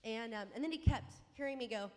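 A mother telling a personal faith story in an animated, self-mocking way, acting out the dialogue. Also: on the high side. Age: adult mother. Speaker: speaker sharing a faith story. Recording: long hall reverb.

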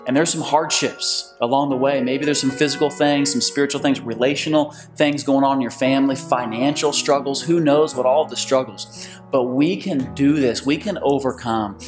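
A pastor giving an energetic, excited sermon. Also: male voice, medium pitch, moderate pace, music in the background.

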